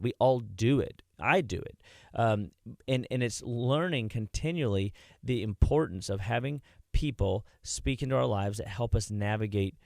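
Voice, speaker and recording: A man's voice: mid-range voice, a little mellow, no echo, clean studio sound. A man working at a health clinic, a guest on a radio show, telling rambling anecdotes with many restarts in a casual chat. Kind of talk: casual radio interview storytelling. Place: radio studio.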